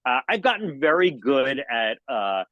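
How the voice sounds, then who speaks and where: Animated man telling stage stories. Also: measured pace, no echo, highs cut off. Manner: lively, jokey, acts out anecdotes with sudden high exclamations. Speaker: magician and mentalist guest. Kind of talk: animated storytelling in a podcast interview.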